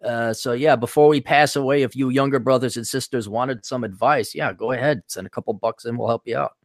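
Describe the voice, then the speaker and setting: Casting note: middle-aged man, Upper Midwest accent, wisecracking podcast host who rambles, mid-pitched, dry room. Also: a little fast, no echo. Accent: Upper Midwest American. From Milwaukee, US. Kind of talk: casual podcast chat.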